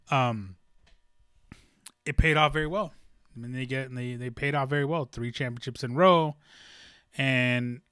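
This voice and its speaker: A man's voice: medium pitch, fairly bright tone, dry recording, studio quality. A young man hosting a casual solo sports podcast, rambling with many ums and restarts. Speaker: podcast host.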